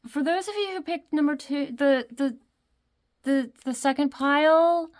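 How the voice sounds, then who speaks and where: A woman giving an emotional pick-a-card tarot reading, gushing and rambling with many fillers. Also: high voice. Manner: gushing, emotional, uses lots of "like" and "you know". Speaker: tarot reader.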